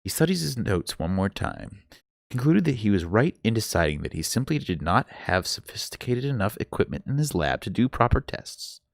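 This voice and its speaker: A man reads a novel aloud live, telling the story expressively and stumbling now and then. His voice is low and gravelly with a lively, swinging pitch. The sound is close and dry. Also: normal speed, no room sound. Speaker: book reader.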